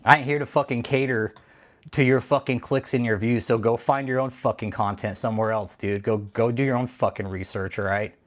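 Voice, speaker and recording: A man's voice: mid-range voice, steady tone, fairly quick. Profane, heated man ranting on livestream. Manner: heated, profane, repeats himself. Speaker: channel host. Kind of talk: angry livestream rant; casual livestream chat.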